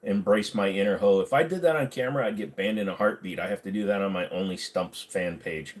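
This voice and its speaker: Low-voiced, crude, joking male streamer. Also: brisk. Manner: crude, joking, laid-back. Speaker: livestream host. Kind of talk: casual livestream chat, reading viewer comments. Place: at home, on bed rest.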